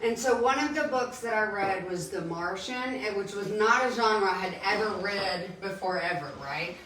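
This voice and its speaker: A woman bookstore owner telling an animated story at a live book event. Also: mid-range voice, normal speed, crowd noise. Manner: animated retelling, laughs into quotes. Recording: echoey room, distant mic, faint noise.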